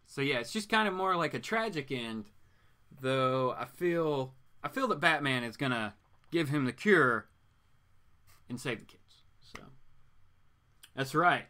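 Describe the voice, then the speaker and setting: Chatty man with a bright voice. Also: medium pitch, animated, unhurried, long pauses. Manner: rambling and chatty, answers viewer comments. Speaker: comics show host. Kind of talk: casual live-stream chat.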